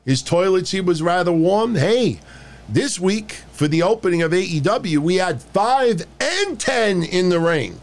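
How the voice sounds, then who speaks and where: Profane, animated man ranting on a podcast. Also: high voice, measured pace. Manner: blunt, profane, mocking, animated. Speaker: podcast host. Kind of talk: casual wrestling podcast rant.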